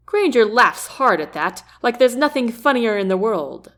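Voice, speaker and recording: A woman narrating a novel in the first person, with an expressive, varied reading. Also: medium pitch, unhurried, hardly any pauses. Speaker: audiobook narrator.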